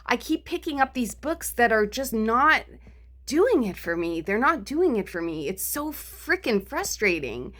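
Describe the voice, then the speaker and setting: A woman's voice: fairly high pitch, sing-song, unhurried, a bit bright. A woman book vlogger venting her frustration in a casual, profane rant, laughing between complaints. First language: English.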